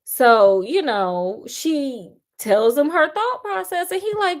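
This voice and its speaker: A woman's voice: high voice, very animated, unhurried, hardly any pauses. A woman retelling a story in a sassy, chatty way, calling her listeners honey and child, with frequent laughs. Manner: laughs often.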